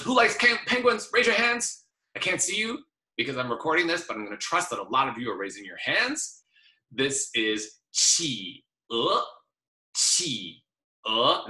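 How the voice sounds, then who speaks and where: A man's voice: medium pitch, sharp tone, echoey room, low-quality recording. A man teaching a recorded vocabulary lesson in a playful way, repeating words with big exaggerated tones. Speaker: Mandarin teacher.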